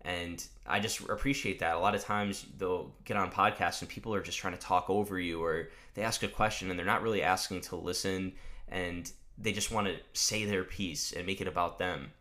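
Man, low voice, podcast host, casual motivational monologue, energetic, swears freely. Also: normal speed.

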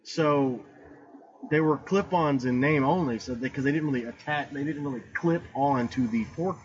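A man's voice: medium pitch, moderate pace. A man chatting casually about motorcycles as a podcast co-host, rambling and restarting sentences. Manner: rambling, talks over others, restarts a lot. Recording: muffled with clear background noise.

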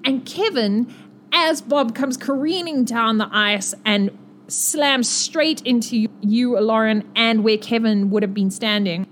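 A woman's voice: a little high, slight background noise. Chatty woman running a tabletop game. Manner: chatty, filler-heavy, laughing narration. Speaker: game master.

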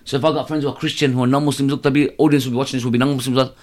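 A man's voice: medium pitch, flat delivery, racing, darkish tone. A man, a guest on a casual podcast, talking in street slang and breaking into laughter as he tells stories. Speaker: interview guest, hijama practitioner.

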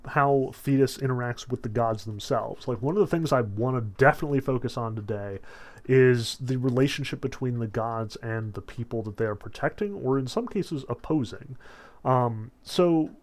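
A young man giving a casual, chatty lecture, animated in his retelling and heavy with fillers. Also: medium pitch.

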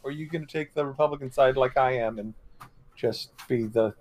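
A man's voice: medium pitch, brisk, a little mellow. Sarcastic joking male co-host. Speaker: podcast co-host. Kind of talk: casual political chat.

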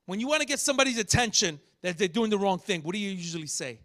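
Guy preaching a sermon, really high bright voice, swings up and down a lot. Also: fast, hardly any pauses. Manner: animated preaching, acts out rebukes with rising shouts. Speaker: pastor.

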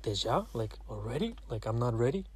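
A man's voice: medium pitch, steady tone, brisk, darkish tone. A man from Russia co-hosting a casual chat, joking around as he quizzes his partner and playfully mimics pronunciations. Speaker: co-host. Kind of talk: casual language-swap chat.

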